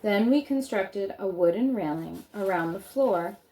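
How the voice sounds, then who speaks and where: A woman's voice: mid-range voice, animated, a little slow, dark tone. A woman reading a children's book aloud, stopping now and then to add chatty comments of her own. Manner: chatty asides between read passages.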